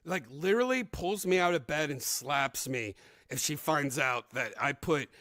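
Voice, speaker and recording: A middle-aged man hosting a casual comedy podcast, rambling and crude in an animated way. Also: on the high side, moderate pace, no room sound, studio quality. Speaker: podcast host.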